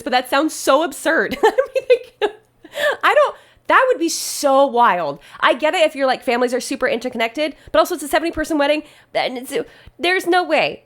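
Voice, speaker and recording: Chatty high-voiced woman wedding planner. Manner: chatty, laughs often, animated. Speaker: wedding planner reacting to posts. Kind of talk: casual reaction commentary.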